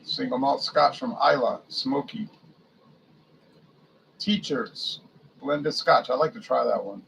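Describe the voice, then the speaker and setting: A man's voice: medium pitch, slow pace, gravelly, a bit bright, slight background noise, low-quality recording. A man casually reading a liquor list aloud, musing to himself and stumbling over foreign names. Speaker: beer and spirits reviewer.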